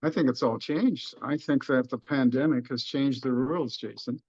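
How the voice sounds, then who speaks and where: A man's voice: mid-range voice, moderate pace, a little mellow, husky. A middle-aged man with a Texan accent, an economist explaining markets in a folksy, joking way during a webinar discussion. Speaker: economist guest. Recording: dull lo-fi webinar audio.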